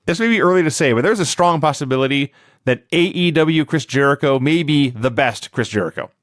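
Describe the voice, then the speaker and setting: A man's voice: brisk, no room sound, studio quality. A man co-hosting a podcast, giving a wry, laughing recap of a wrestling show in casual chat. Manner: wry, laughing recap with lively swings in pitch.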